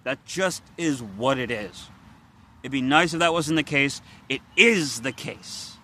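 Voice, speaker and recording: A man's voice: mid-range voice, animated, a little slow, bright, forceful tone. A young man venting in a confessional vlog, frustrated, weary and swearing bluntly as he talks. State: weary and worn out. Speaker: vlogger.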